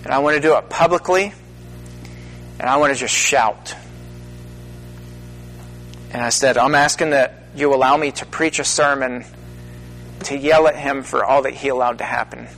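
A middle-aged minister speaking earnestly to an audience, with halting pauses that build into emphatic stresses. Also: male voice, mid-range voice, creaky, a bit bright, faint music behind, poor audio. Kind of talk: personal testimony talk to an audience.

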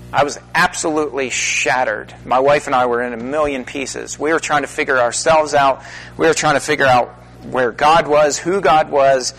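A middle-aged man giving an earnest testimony to an audience. His voice sits a little high for a man. He pauses and halts, then leans hard into his stressed words over a faint hum behind him. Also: fairly bright tone, poor audio. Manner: earnest, halting pauses, rising to emphatic stresses. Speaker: minister. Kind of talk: personal testimony talk to an audience.

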